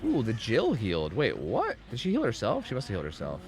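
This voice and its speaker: Male game streamer, casual and profane, animated pitch, light background noise. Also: fairly quick. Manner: laid-back, swears often, chats with viewers. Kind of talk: casual live gameplay commentary.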